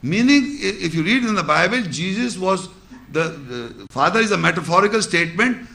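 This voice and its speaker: A man's voice: high-pitched, expressive, gravelly, bright, forceful tone. A man giving an Islamic religious lecture, explaining scripture with repeated phrases and rhetorical questions. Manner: recites Arabic verses quickly.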